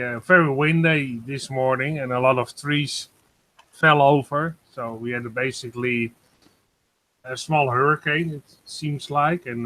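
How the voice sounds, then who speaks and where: A man on a group video call, talking about the weather at his home, hesitant and full of pauses. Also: medium pitch, sharp tone. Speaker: guest giving a weather report. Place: home in Germany.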